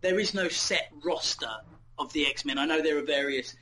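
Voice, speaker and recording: A man's voice: fairly high pitch, normal speed, pushed and bright, a little hiss or hum, poor audio. A man co-hosting a comedy podcast in casual chat, rambling and goofy, often self-deprecating. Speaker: podcast co-host.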